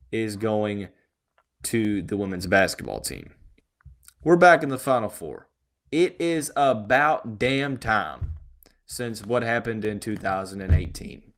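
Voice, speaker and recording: A man hosting a sports podcast, talking in a relaxed, reassuring way with many fillers. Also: mid-range voice. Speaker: podcast host. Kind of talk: casual sports talk.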